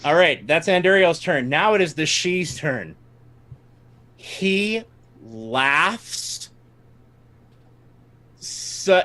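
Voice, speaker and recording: Male game master, unhurried and a touch high, narrating a tabletop session with frequent laughs. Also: big pitch swings, sharp tone.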